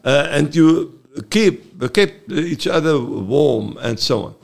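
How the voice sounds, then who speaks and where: A man, a therapist, explaining earnestly in an interview, halting often with fillers. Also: on the high side, animated, gravelly. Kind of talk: explaining in a talk-show interview.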